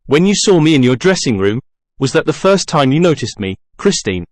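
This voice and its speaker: A man's voice: a little high, sing-song, fairly quick, dry recording. A man reading the lines of a shy, jealous young nobleman in an earnest, pleading way.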